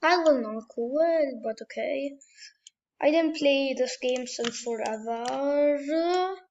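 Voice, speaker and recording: Young woman, high voice, slow drawl, gaming commentary, lo-fi sound. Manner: animated, trash-talking, bursts of yelling. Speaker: gamer. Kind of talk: casual gameplay commentary.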